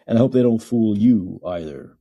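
A man's voice: on the low side, lively intonation, moderate pace, gravelly, dull audio, a little hiss or hum. A man hosting a call-in podcast, ranting emphatically and repeating himself for effect. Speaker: podcast host.

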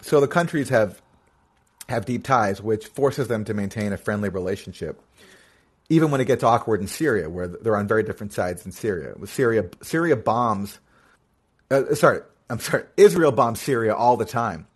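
A man's voice: fairly low pitch, animated, moderate pace, slightly rough. A man in his forties hosting a podcast, explaining things in a casual way with occasional restarts. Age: 40s. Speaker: podcast host. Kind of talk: casual chat.

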